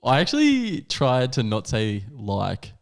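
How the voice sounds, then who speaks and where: A man's voice: mid-range voice, huge pitch swings, takes it slowly, gravelly. A young adult man, co-hosting a podcast and telling a rambling travel story with lots of "like" and swearing. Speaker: podcast co-host. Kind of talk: casual chat.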